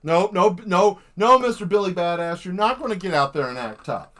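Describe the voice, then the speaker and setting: A man hosting a live art stream, rambling and joking with lots of swearing while he paints. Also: a little high. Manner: profane, animated, jokey, acts out quick voices.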